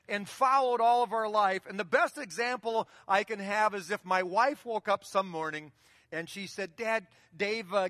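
Sitting high and sounding pushed and bright, this pastor's voice delivers a conversational sermon that circles back to key phrases again and again. Studio quality, it's heard in a church sanctuary with the lingering reverb of a big hall.

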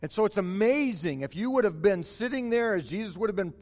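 A male pastor delivers a sermon with emphatic repetition, driving his points home. His voice sits high for a man, and it rings out with a long reverb from the church sanctuary around him. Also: lively intonation, brisk, a little mellow. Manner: emphatic, repeats key phrases for stress.

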